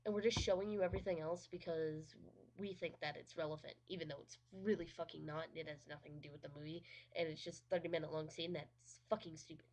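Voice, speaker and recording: A woman's voice: sits low, steady tone, fast talker, darkish tone, slight background noise. A woman giving a casual, sarcastic movie review, swearing freely and saying "like" constantly. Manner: sarcastic and profane, heavy use of "like".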